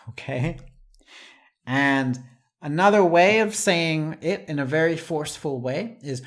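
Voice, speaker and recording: A patient English teacher walks learners through everyday expressions, speaking at an unhurried, careful pace. Each example phrase is said slowly and repeated, with the odd light chuckle between points. The voice sits at a middle pitch.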